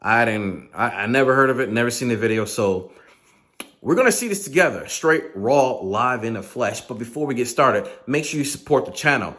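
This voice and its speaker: A man's voice: medium pitch, normal speed. A middle-aged man hosting a gun channel, doing casual reaction commentary and talking straight to the viewer. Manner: animated, talks straight to the viewer.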